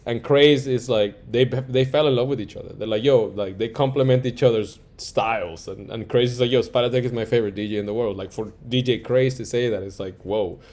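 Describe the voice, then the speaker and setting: A male music producer telling stories in a casual interview, animated, acting out quoted dialogue and peppering his talk with "like" and "yo". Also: medium pitch, a little fast, hardly any pauses. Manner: frequent fillers like "like" and "yo".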